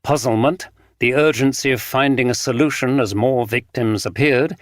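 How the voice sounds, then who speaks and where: A man reading a mystery audiobook as narrator, in a measured and even way. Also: medium pitch, no room sound, clean studio sound. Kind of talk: scripted narration.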